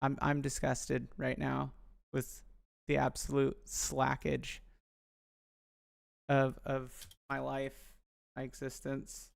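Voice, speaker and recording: Young man, live streamer, smooth yet gravelly voice, dry close mic, rambling self-deprecating chat. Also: medium pitch, completely flat delivery, takes it slowly, long pauses, no echo. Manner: chatty, self-deprecating, addresses viewers.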